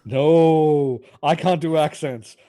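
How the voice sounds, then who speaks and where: Casting note: a giggly, easygoing player on a call who talks slowly, faint music behind. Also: medium pitch, fairly even intonation, dark tone. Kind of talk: casual banter over a voice call.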